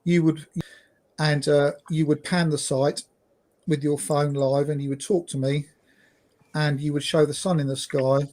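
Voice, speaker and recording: A man's voice: on the high side, little pitch movement, a little slow, darkish tone. A man talking in a recorded clip, rambling and repeating himself. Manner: rambling, repetitive.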